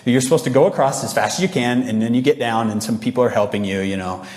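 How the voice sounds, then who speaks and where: Male motivational speaker, lively storyteller with audience asides, long hall reverb. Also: mid-range voice, fast. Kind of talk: motivational talk to a young audience. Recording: echoey large hall.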